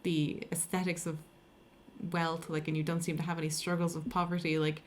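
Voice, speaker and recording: A woman's voice: low-pitched, level tone, a little fast. A woman co-hosting a podcast, chatting casually in a blunt, sweary, joking way. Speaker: podcast co-host. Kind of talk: casual chat.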